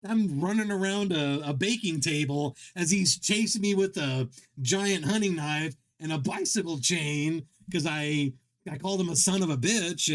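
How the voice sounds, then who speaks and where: A man hosting a game livestream who tells long, rambling, self-deprecating stories, restarting his sentences often. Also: on the high side. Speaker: livestream host. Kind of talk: casual chat while streaming a game.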